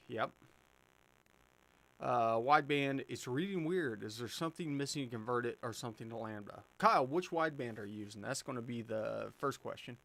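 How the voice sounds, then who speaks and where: A man's voice: mid-range voice, a bit bright. Chatty male livestream host answering chat. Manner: chatty, conversational, frequent fillers and restarts. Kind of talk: casual live-stream chat.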